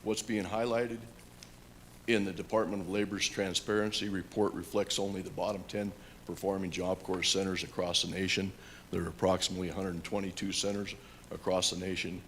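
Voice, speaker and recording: A man with a very low voice speaks before a council, stopping and restarting often as he reads his points. A faint hiss sits under the recording. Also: little pitch movement, a bit bright. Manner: halting, with many fillers and restarts. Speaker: public commenter, union carpenter instructor. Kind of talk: public comment at a council meeting.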